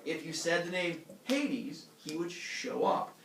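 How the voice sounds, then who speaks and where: An animated teacher with a voice on the high side speaks slowly, joking and acting out voices as he explains the lesson. Crowd noise runs through the roomy, distant classroom audio.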